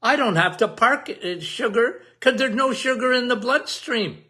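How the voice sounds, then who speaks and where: A man's voice: very high-pitched, a little slow, bright, forceful tone, pitched above the performer's own voice, full character voice. A man voicing insulin as a chatty, matter-of-fact male parking attendant. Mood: bossy, chatty.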